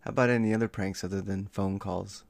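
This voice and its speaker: Low-voiced, easygoing male co-host. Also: fairly even intonation, quick pace, vocal fry, no room sound. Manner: easygoing, amused, asks questions. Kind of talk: casual chat.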